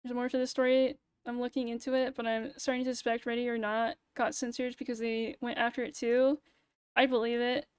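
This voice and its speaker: A young woman with a high, smooth and clear voice, chatting casually on a livestream. She rants with a sarcastic edge and swears often. Her voice is recorded close and dry, with no room sound. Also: little pitch movement, brisk, a little mellow, dry recording. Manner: ranting, sarcastic, swears a lot. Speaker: VTuber streamer.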